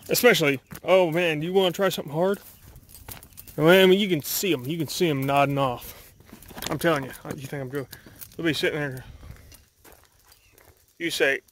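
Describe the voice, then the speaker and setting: Young man, casual walking vlog, animated rambling, handheld camera, outdoors in woods. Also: fairly high pitch, moderate pace, pauses often. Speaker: vlogger.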